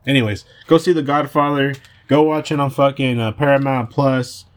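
A man's voice: mid-range voice, fairly even intonation, normal speed. A man hosting a podcast, talking casually in a brash, boastful and profane way. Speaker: podcast host.

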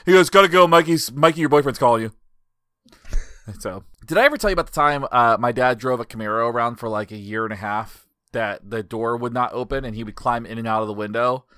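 A man co-hosting a podcast in relaxed, casual chat, often chuckling along. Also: mid-range voice, brisk, smooth, dry recording, clean studio sound. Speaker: podcast co-host.

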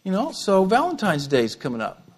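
A middle-aged male pastor preaching an animated sermon, with humorous asides and repeated words. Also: sits high, moderate pace.

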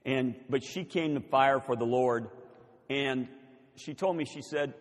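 Older man, pastor, animated sermon storytelling, emphatic loud peaks, church sanctuary. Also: medium pitch, a little slow. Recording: long reverb of a church hall.

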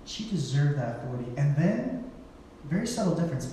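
A man's voice: on the high side, sing-song, fairly quick, dark tone, slight background noise. A man giving a sermon in a casual storytelling way, acting out the people he quotes in playful voices. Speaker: pastor. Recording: echoey hall, from far off.

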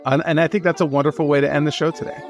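A man's voice: on the high side, flat delivery. Male host, playful, self-mocking, casual banter, faint music underneath. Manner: playful, self-deprecating, quick asides. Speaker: podcast host. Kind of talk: casual comedic podcast chat.

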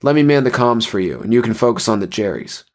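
A man voicing a calm, quiet male dream-diver who speaks low and subdued. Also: fast. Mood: gentle.

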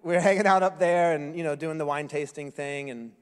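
Male pastor, sermon, relaxed storyteller with dry self-mocking humor, slightly raised pitch, echoey church hall. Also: brisk, clean tone. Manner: conversational storytelling with wry self-deprecating humor. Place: church sanctuary. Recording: echoey hall with long reverb.

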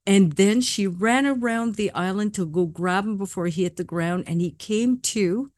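A woman working as a psychic medium, talking earnestly and reassuringly in a casual panel discussion and telling stories gently. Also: medium pitch, a little slow, no echo, clean studio sound.

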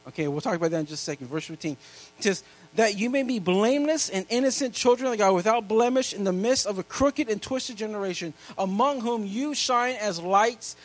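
A male pastor preaching a sermon, reading scripture loudly and slowly, then dropping into quiet, quick asides to the congregation. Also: high voice, animated, low-quality recording.

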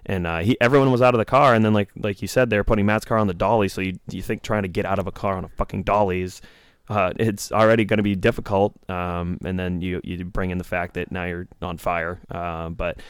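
A man chatting casually, excitable and profane, with lots of fillers. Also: low-pitched, quick pace, clear, resonant tone, no echo. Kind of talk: casual storytelling podcast chat.

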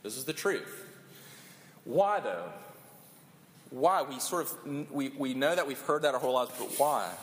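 A man's voice: medium pitch, expressive, measured pace, long pauses. A man preaching a sermon as pastor, earnest, often repeating words as he builds his points. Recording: long hall reverb, faint room noise.

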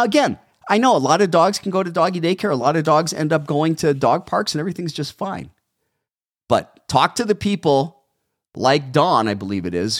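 A man's voice: mid-range voice, dry recording, studio quality. A man hosting a live call-in show about dog training, talking in an emphatic, opinionated way full of rhetorical questions. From United States.

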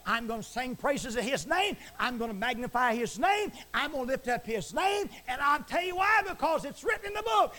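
A man preaching a fiery broadcast sermon from the pulpit, swinging from shouts to hushed asides and repeating stock phrases. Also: very high-pitched, big pitch swings, a little fast, hardly any pauses. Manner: repeats stock phrases like praise the Lord and it is written.

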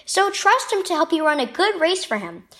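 A woman reading a children's devotional story aloud in an expressive storytelling manner. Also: very high voice, normal speed. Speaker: devotional reader. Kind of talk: scripted narration of a children's devotional.

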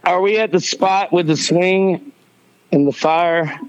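A man's voice: sits high, slow pace, smooth. A man chatting as a podcast guest, blunt and swearing, drawing out his asides. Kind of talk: casual chat. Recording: dull lo-fi sound.

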